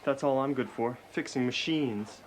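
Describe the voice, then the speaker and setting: Young guy acting as a shy lovesick techie, stammers a lot, mid pitch. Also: normal speed, background noise, natural voice. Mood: glum. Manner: hesitant, stammering, glum. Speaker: lovesick technician in a sitcom sketch. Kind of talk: TV sitcom acting.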